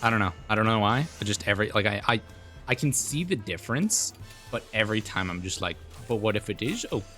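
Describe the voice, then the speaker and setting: A man's voice: lowish voice, fast, pushed and bright, faint music behind. A male streamer chatting casually during a live game stream, rambling with lots of fillers. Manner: rambling, filler-heavy talk.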